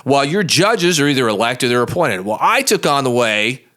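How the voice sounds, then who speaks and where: This lawyer-host speaks at a moderate pace in a medium-pitched voice that swings widely in pitch and sounds pushed and bright. Telling a story alone on his podcast, he is blunt, folksy, emphatic and plain-spoken.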